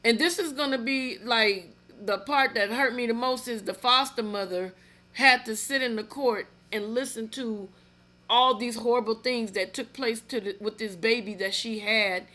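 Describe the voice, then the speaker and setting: A woman commenting on a news story in a casual, indignant way, reading parts aloud haltingly and turning to talk to viewers. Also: a little high, pushed and bright. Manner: indignant, emphatic, with asides to viewers; reads news text aloud haltingly, with restarts.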